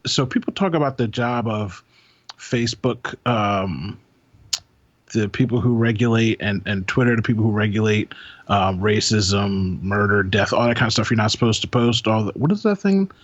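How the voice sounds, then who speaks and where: A man's voice: on the low side, normal speed, dry recording. Male podcast co-host, casual and jokey, dry and a little dull-sounding. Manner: joking, rambling, sarcastic. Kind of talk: casual chat.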